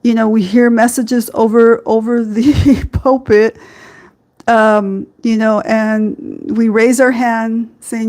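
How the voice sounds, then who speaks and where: A woman's voice: on the high side, fairly even intonation, takes it slowly, darkish tone. Earnest woman hosting a live faith talk. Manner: earnest, rambling, with frequent laughs and fillers. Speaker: podcast host.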